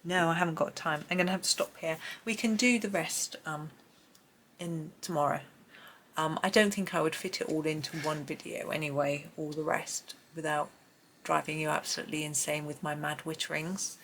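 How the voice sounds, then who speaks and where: Middle-aged gloucestershire lady rambling thru a colouring tutorial, low voice, faint room hum. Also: fairly even intonation, normal speed, fairly bright tone. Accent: Gloucestershire English. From England. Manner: rambling and self-amused, thinking aloud while colouring. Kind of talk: chatty narrated drawing tutorial. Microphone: camera mic on a tripod.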